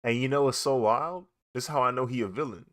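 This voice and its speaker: A young man chatting casually while he draws, animated and laughing often as he talks. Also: mid-range voice, quick pace. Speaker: artist vlogger. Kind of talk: casual chat while drawing.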